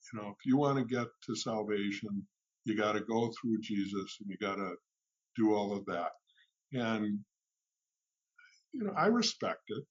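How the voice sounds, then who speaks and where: A male radio guest with a mid-range voice who tells his stories in loose, halting runs full of restarts. The sound is a little dull, like a muffled radio recording. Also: mid-range voice, husky. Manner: storytelling, restarts and fillers. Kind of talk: casual radio conversation.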